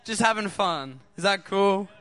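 A man's voice: sits high, lively intonation, a little slow, fairly bright tone. A man preaching a sermon in an upbeat way, often asking the crowd questions.

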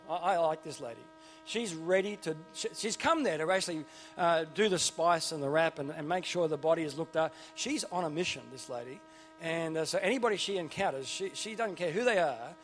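High-voiced chatty man preaching. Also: a bit bright. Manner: enthusiastic and chatty, with frequent restarts and asides. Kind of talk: informal sermon. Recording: long reverb with faint music behind.

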